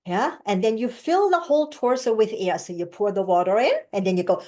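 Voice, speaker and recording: A woman voice coach teaching an online class, speaking slowly and encouragingly as she demonstrates breathing and tones over a video call. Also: medium pitch, lively intonation, dark tone.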